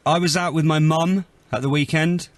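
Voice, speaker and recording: A man's voice: fairly high pitch, fairly even intonation, moderate pace, no echo. A male radio host telling a cheeky story in studio chat, with a mock-tough streak. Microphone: studio microphone.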